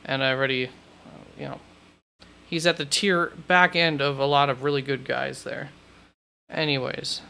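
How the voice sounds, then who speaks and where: Bright, crisp-voiced man thinking aloud. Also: medium pitch, fairly even intonation, moderate pace. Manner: thinks aloud, rambling with self-corrections. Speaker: fantasy football host. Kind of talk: live-stream chat answering questions.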